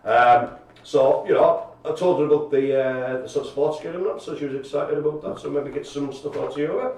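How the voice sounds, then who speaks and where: A man's voice: a little high, fairly quick, darkish tone. A chatty, jokey man, co-hosting a casual live stream and telling stories with animation. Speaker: co-host. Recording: echoey room, far from mic.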